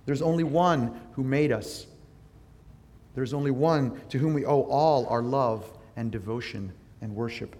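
A male pastor giving a sermon in a relaxed, conversational way, often turning to his listeners with questions. His voice sits at an ordinary middle pitch. It carries a long reverb, as if recorded in a large hall. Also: measured pace. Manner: conversational teaching with prayer, asks listeners questions.

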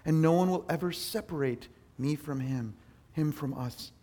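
High-voiced earnest male preacher. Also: normal speed. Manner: earnest, self-deprecating, animated storytelling. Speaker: pastor. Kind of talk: sermon.

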